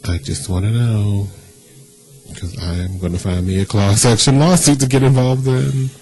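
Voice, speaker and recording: A man's voice: on the low side, fairly even intonation, moderate pace, dark tone, poor audio. A man hosting a casual internet radio show, reading news items and joking with a caller. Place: radio studio.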